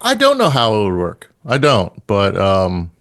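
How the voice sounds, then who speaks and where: A man's voice: lowish voice, wildly swooping pitch, a little slow, a bit bright. A man co-hosting a podcast, chatting casually and joking in a rambling way. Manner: rambling, joking, laughs often. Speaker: podcast co-host. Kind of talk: casual chat.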